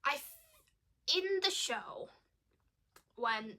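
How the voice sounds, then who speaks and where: A woman's voice: on the high side, animated, drawn-out words, sharp tone. A young woman giving a casual, chatty film review. She sounds exasperated and says "like" a lot. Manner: chatty, exasperated, uses "like" often. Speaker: video creator reviewing a film.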